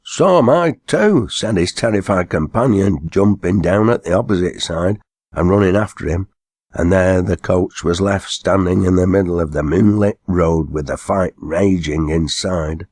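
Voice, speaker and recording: A man narrating an old dialect story, reading it aloud in a steady storytelling way. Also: sits low, normal speed, dry recording, clean studio sound.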